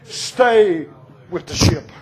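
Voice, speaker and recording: A man preaching a revival sermon in a church, telling stories and rising into shouts. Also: high-pitched, lively intonation, very slow. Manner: storytelling, bursts into shouting.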